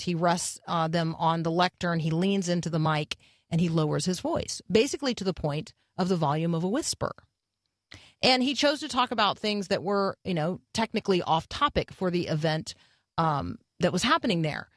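A woman hosting a morning radio show, speaking in an earnest, reflective way with filler pauses. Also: on the low side, no echo, studio quality. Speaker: radio host. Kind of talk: devotional radio talk.

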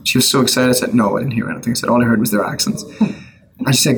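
A middle-aged Irish man, a songwriter, telling his personal story in a casual interview, earnest with quick asides and restarts. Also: medium pitch, fairly even intonation, gravelly, fairly bright tone, a little hiss or hum, poor audio. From Ireland. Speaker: guest, worship songwriter.

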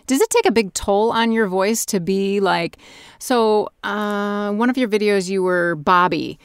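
A woman's voice: mid-range voice, measured pace, clean tone, dry recording, clean studio sound. A woman hosting a podcast interview, chatty and bubbly with frequent laughs. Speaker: podcast host. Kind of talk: casual interview chat.

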